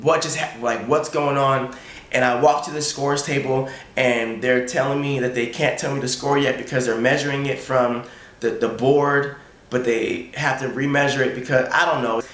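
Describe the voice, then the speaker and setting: A young man excitedly retelling a sports story in a casual vlog, acting out his own thoughts. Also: medium pitch, reverberant. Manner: excited, animated retelling with quoted inner thoughts. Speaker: college triple jumper.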